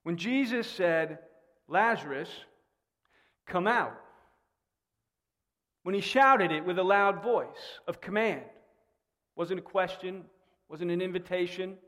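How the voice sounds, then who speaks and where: Man, pastor, sermon, rhetorical questions, high voice, long reverb. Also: unhurried, a bit bright. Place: church sanctuary. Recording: long reverb in a church hall.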